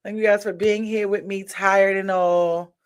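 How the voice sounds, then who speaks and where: A woman's voice: medium pitch, level tone, measured pace. Tired, chatty woman livestream host. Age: adult with a daughter. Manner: chatty, encouraging, loose slangy talk. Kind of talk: casual sign-off chat with viewers.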